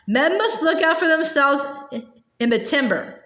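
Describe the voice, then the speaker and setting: A woman doing a steady farm father, calm and instructive, explaining the lessons of hard work. His voice sits fairly high, and the room around him rings with echo. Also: unhurried. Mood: firm. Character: steady, firm farmer father. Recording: echoey room.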